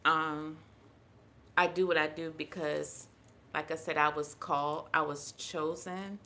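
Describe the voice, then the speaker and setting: A woman's voice: low-pitched, steady tone, unhurried, sharp tone, slight background noise. A woman guest on a podcast, telling personal stories in casual conversation and acting out the people in them. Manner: earnest storyteller, acts out quoted voices. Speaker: podcast guest, holistic health practitioner.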